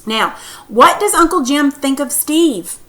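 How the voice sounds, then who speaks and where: Bright-voiced woman teaching reading. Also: high-pitched, expressive, a little slow, poor audio. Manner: patient, questioning, reads aloud expressively. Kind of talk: reading lesson with questions.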